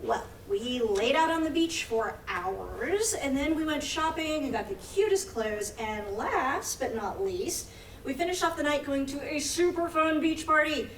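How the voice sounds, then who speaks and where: An actress playing a gushing young friend on a beach vacation, in a staged play reading recorded from across a theatre. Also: female voice, high-pitched, expressive, unhurried, slight background noise. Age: young adult. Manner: gushing, upbeat. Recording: roomy theatre, mic far off.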